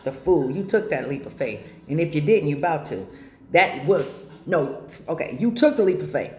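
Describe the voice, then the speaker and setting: A woman's voice: sits low, expressive, normal speed, darkish tone. A woman giving a casual spiritual reading to her viewers, chatty and affectionate, full of exclamations. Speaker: spiritual reader. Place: home. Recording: echoey room with faint noise.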